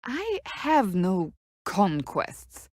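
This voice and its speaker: A woman's voice: medium pitch, huge pitch swings, very slow, no echo, studio quality, exaggerated voice. An actress playing a stern, blunt female warrior in curt, formal video game companion dialogue.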